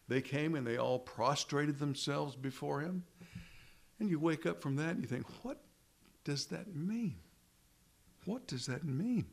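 A man's voice: medium pitch, creaky. A man preaching a sermon in an earnest way, asking rhetorical questions and repeating phrases for emphasis.

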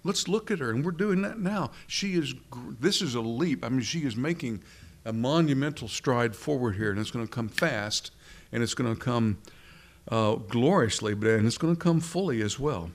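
A middle-aged man delivers a sermon in a mid-pitched voice. He reads scripture aloud and puts questions to his listeners. He slows right down to stress key phrases. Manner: deliberate, asks the congregation questions, slows down for emphasis. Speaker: preacher.

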